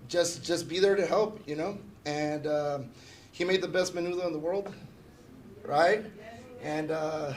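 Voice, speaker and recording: At a memorial gathering in a funeral home, a man from a fraternal organization gives personal tribute remarks in a slightly higher voice. He's relaxed and casual, telling jokey anecdotes and often asking "right?", before closing warmly and sincerely; a little hiss or hum is audible.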